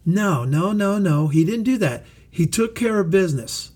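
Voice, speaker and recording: A middle-aged man preaching a sermon as pastor, slow and emphatic, repeating phrases for weight. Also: sits high, animated, a little mellow, husky.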